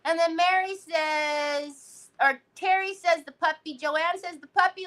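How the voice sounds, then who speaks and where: Very high-pitched and fairly bright, her voice is a little slow with fairly even intonation. Hosting a livestream while she crafts, she reads out comments from the chat in a loose, playful way sprinkled with baby talk.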